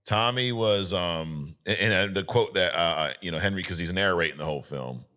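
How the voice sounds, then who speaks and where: A man in a casual podcast chat, swearing freely and retelling movie scenes with lively energy. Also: low voice, fairly quick. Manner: profane, animated storyteller who acts out scenes. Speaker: podcast co-host.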